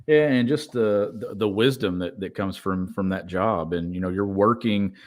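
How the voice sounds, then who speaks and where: A man's voice: fairly low pitch, normal speed, a little mellow. A man co-hosting a sports podcast, chatting casually and enthusiastically, building his thoughts with repeated restarts. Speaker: podcast co-host.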